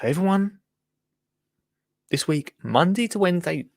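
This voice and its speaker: Host, male: animated, playful call-in show chatter, dry close sound. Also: fairly high pitch, unhurried, no echo. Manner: chatty, jokey, greets viewers by name. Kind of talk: live call-in show hosting.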